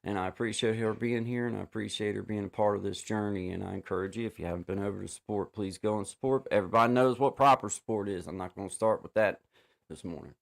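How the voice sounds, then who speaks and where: A man hosting a casual livestream chat over a video call, rambling with many restarts and fillers and giving warm shout-outs to viewers. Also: on the low side, fairly even intonation, fast talker, creaky. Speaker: livestream host.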